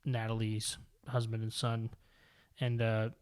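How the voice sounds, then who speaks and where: A man's voice: fairly low pitch, completely flat delivery, measured pace, a little mellow. A man co-hosting a comic book podcast, recapping the story in a casual, rambling way with many fillers and self-corrections. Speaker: podcast co-host.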